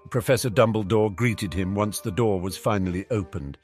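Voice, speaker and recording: A man reading a fan fiction audiobook in an expressive storytelling manner. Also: lowish voice, fairly quick, hardly any pauses, slightly rough, faint music behind. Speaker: audiobook reader.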